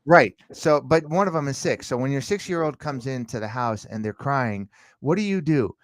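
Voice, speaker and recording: A man's voice: mid-range voice, expressive, normal speed, no room sound. A man as a podcast guest, telling stories animatedly and acting out the dialogue. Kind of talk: casual interview chat.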